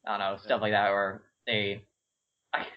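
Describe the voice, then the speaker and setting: A man's voice: on the low side, flat delivery, moderate pace. A man chats on a podcast, talking hesitantly and padding his lines with fillers. The recording sounds dull and lo-fi. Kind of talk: casual podcast chat. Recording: dull lo-fi audio.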